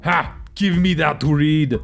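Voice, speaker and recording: A man's voice: on the high side, measured pace, gravelly, soft background music, voice pushed up. A man voicing a stern, pompous male master mage who scolds and judges a student's work. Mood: scolding. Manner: lofty, disappointed, scolding.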